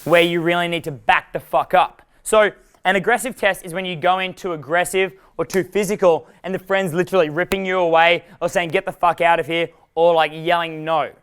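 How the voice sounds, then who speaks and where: Young male dating coach, raised voice, clean smooth tone, rambling and swearing, chuckles at himself. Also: high-pitched, fairly even intonation, a little fast, fairly bright tone. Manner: rambling, profane, laughs at his own jokes. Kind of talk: live workshop talk.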